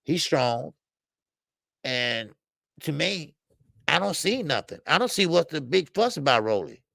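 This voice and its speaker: Gravelly-voiced man hosting a boxing show. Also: fairly high pitch, measured pace, dry recording, clean studio sound. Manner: animated and emphatic, street slang, many fillers; chats with live viewers. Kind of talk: casual live-stream talk.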